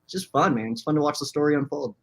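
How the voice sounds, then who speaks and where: This is a young man chatting loosely on a live sports stream from a small room at home. His voice sits a little higher than most men's. He gets excited fast, laughs a lot and leans on "like" as filler. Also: gravelly, slightly rough. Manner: excitable, laughs often, heavy use of "like". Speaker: podcast co-host.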